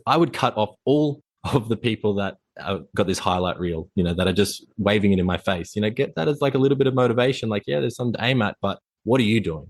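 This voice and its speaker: Fast-talking low-voiced fitness coach. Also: male voice, dry recording. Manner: intense, blunt, motivational. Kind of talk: casual interview chat.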